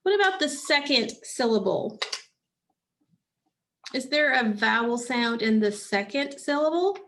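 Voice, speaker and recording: Slow, patient woman phonics teacher. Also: fairly high pitch, expressive, a bit bright. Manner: slow, patient prompting with pauses for answers. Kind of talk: phonics lesson to children.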